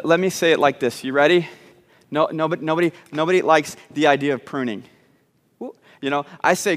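A pastor preaching a sermon, emphatic and repetitive, with joking asides to the congregation. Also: male voice, medium pitch. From Southern United States (Arkansas, Texas). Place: church sanctuary. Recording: long church reverb.

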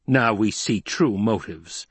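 A man voicing a proud male emperor who barks indignant, raised outbursts, slightly husky. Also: on the high side, lively intonation, normal speed, dry recording, voice pushed up. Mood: sneering. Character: proud deposed male emperor, furious and haughty.

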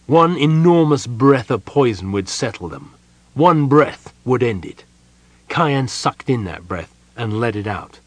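A man reading a fantasy novel aloud as an audiobook narrator, in a measured, dramatic storytelling manner. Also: mid-range voice, sing-song, no echo. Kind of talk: scripted narration.

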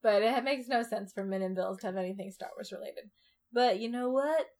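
A woman's voice: medium pitch, a little fast, darkish tone. A woman co-hosting a podcast in casual chat, bubbly and chatty with lots of filler words. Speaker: podcast co-host.

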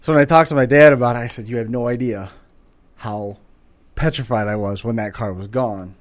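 A man telling a story in casual chat, with a dry, deadpan delivery. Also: medium pitch, brisk.

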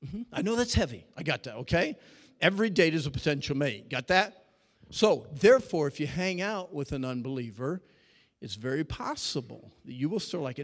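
A man preaching to teenagers, animated and playful, acting out little scenes and getting the crowd to repeat after him. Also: on the high side. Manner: animated, acts out dialogue, calls for audience response. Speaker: youth pastor. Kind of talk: sermon to teens. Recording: long reverb of a large hall.

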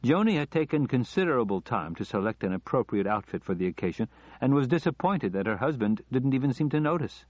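A man narrating an audiobook story in a measured, even storytelling manner. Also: mid-range voice, no echo. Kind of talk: scripted narration. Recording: slightly dull lo-fi recording.

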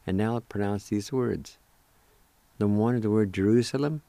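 A man's voice: on the low side, moderate pace, vocal fry, warm tone, no room sound. A man hosting a radio language lesson, patiently spelling and sounding out words syllable by syllable. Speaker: radio host teaching a language.

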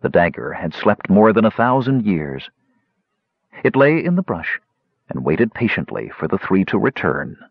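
A man narrating a fantasy audiobook in an expressive storytelling manner. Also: sits low, unhurried, breathy edge, no room sound. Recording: dry, slightly muffled recording.

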